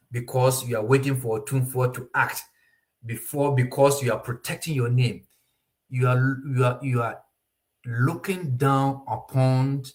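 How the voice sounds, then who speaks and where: Guy ranting commentary, mocking, laughs a lot, swings way up high sometimes. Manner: animated, mocking, raises pitch sharply to voice others, laughs often. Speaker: political commentator. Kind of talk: impassioned monologue commentary.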